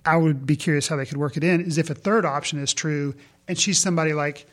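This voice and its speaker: A man in casual conversation about a film, animated and quick to laugh, often restarting his sentences. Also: fairly high pitch. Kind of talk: casual movie discussion.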